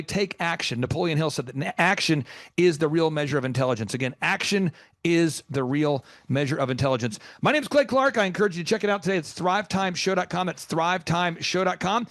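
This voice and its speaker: A man's voice: high-pitched, fairly bright tone, dry recording. A man hosting a business coaching show, talking emphatically and rambling through stories with many restarts. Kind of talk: energetic coaching talk.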